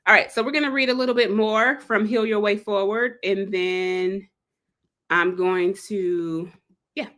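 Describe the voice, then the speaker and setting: A woman hosting a live read-along, chatting casually and digressing, acting out quotes with big leaps in pitch. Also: fairly even intonation, measured pace, a bit bright. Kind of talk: casual livestream talk.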